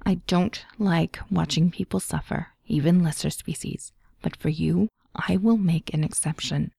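A stiff, formal alien interrogator, chilling and inhuman in its calm, read by a woman. The voice sits low and gravelly. The tone is dark, the sound dry and close. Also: measured pace, no echo, full character voice. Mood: cold.

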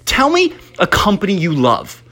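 A young man hosting his own podcast in an upbeat, excitable way, full of fillers and slightly out of breath from pacing. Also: high voice, moderate pace. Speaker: podcast host. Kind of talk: casual solo podcast monologue.

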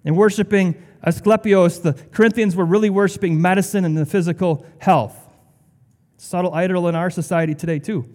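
A man's voice: high-pitched, fairly even intonation, a little fast, darkish tone. Man preaching in a reverberant hall. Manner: conversational, with sarcastic asides. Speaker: pastor. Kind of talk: sermon.

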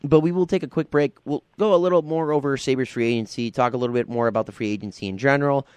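A man's voice: mid-range voice, quick pace, darkish tone, clear, resonant tone, no echo. A man hosting a casual sports radio show from a college radio studio, rambling with lots of fillers in an affable way.

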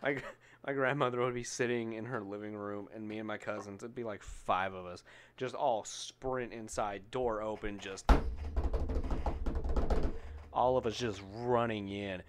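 A man's voice: fairly low pitch, a little slow, noisy background. A man chatting casually on a podcast, telling stories with lots of swearing and laughter. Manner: profane, animated storytelling with bursts of laughter.

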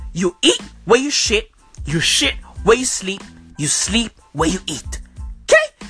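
A woman's voice: medium pitch, a bit bright, husky. A woman giving a profane, slang-filled comedic rant, punctuating her points emphatically. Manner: profane, slangy, emphatic, keeps asking "okay?". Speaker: comedic commentator.

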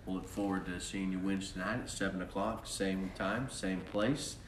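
A male pastor preaching a sermon in a repetitive cadence that swells with fervor and then softens into prayer. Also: deep voice, fairly even intonation, moderate pace, background noise. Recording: roomy echo, mic at a distance.

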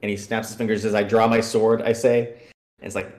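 A man chatting as a podcast guest, recounting tabletop game moments with lively acted-out bits. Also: on the low side, a little fast, reverberant. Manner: animated storyteller acting out scenes. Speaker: guest player. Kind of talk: casual podcast chat.

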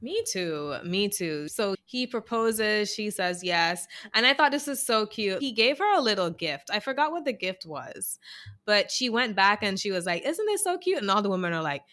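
Expressive storytelling woman co-host. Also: medium pitch, normal speed. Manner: expressive storyteller, acts out voices, swears. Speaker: podcast co-host. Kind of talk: casual chat.

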